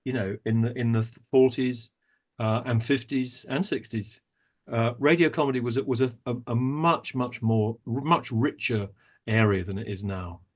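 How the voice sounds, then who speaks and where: A slightly slow, mid-range voice belongs to this man, an actor and director interviewed as a podcast guest. He's a reflective storyteller who goes on at length, with many small restarts along the way.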